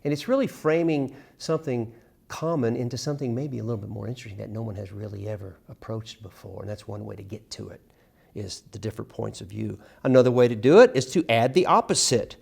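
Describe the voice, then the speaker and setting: A middle-aged man teaching a casual songwriting workshop, acting out lyric lines with lively emphasis. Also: mid-range voice, quick pace, gravelly, slightly rough. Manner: animated, sings and acts out lyric examples.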